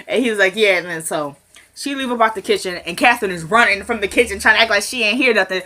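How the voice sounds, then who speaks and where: Woman, casual recap vlog, retells scenes in quoted dialogue, bright voice. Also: medium pitch, fast. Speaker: TV show recapper.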